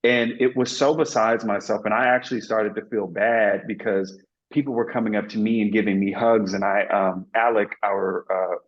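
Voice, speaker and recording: A man's voice: on the low side, fairly even intonation, normal speed, highs cut off. A man being interviewed as an actor, telling a story in an earnest, reflective way with many fillers and restarts.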